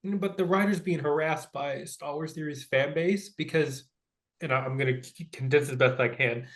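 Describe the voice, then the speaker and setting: A man's voice: on the high side, normal speed, fairly bright tone. A man co-hosting a movie podcast, ranting in a casual, exasperated way with lots of fillers. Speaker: podcast co-host.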